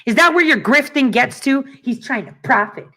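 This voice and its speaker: A woman's voice: high-pitched, animated, normal speed, sharp tone. Profane, sarcastic woman host ranting. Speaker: show host. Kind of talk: casual commentary show.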